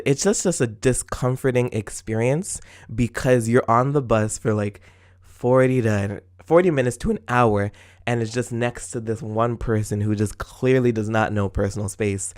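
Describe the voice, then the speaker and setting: Animated young man ranting on a podcast. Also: medium pitch, moderate pace. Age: 20s. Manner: animated and exclamatory, with frequent laughs; acts out his own retorts in quoted asides. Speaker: podcast host. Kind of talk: casual solo rant.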